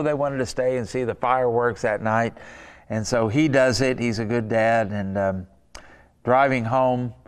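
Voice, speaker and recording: Male preacher, homespun storyteller, smooth resonant voice, long reverb. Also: medium pitch. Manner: folksy storytelling with rhetorical questions. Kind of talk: sermon. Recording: reverberant hall.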